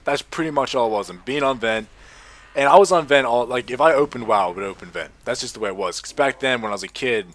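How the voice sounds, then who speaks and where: A man's voice: medium pitch, fast talker, fairly bright tone. A young man from Australia with a gaming headset, chatting casually and rambling while he plays a game. He swears often and leans heavily on filler words. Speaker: gaming video host.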